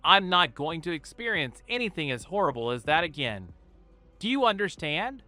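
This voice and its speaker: A man voicing a hot-tempered teenage male ninja who talks loud, demanding and whiny. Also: on the high side, big pitch swings, moderate pace, dry recording, soft background music, pitched above the performer's own voice. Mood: threatening.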